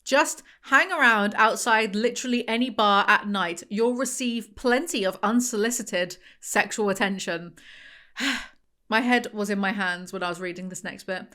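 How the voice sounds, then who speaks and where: A woman's voice: medium pitch, moderate pace, bright, forceful tone. A young woman with a London accent, reviewing a book with sarcastic, self-mocking, theatrical asides. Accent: London English.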